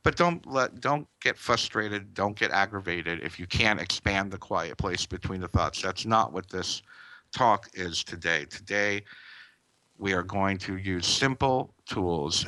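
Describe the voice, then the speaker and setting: Slow, calm low-voiced man teaching meditation. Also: no echo. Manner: slow, calm and instructive, with drawn-out words. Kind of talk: guided meditation class.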